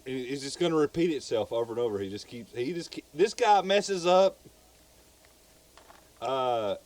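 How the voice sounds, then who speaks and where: A man's voice: medium pitch, darkish tone. A man with a Southern US accent, co-hosting a podcast and casually telling a true crime story. He rambles, repeats words and swears freely.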